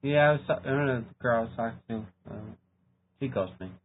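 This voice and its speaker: A man's voice: medium pitch, fast. A man from Western New York co-hosting a casual podcast, joking at his own expense in a sheepish way. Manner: self-deprecating, sheepish. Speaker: podcast co-host. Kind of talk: casual banter. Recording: phone-like audio with faint noise.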